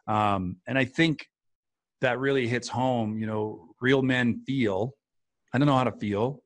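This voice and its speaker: A man's voice: medium pitch, a little slow, no room sound. A man talking casually and earnestly about feelings, reflective and rambling with many fillers. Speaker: podcast guest or co-host, author. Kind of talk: casual conversation.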